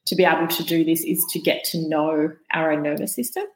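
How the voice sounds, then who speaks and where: Low-voiced woman explaining patiently. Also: fairly even intonation, fairly quick, echoey room, rough recording. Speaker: podcast guest, vagus nerve educator. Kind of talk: explaining in a podcast conversation.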